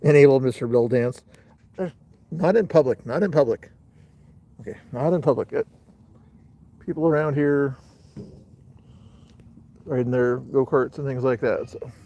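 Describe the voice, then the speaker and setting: A man's voice: mid-range voice, a little slow, long pauses, mellow. A middle-aged man hosting a casual livestream outdoors, rambling and talking straight to his chat. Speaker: livestream host.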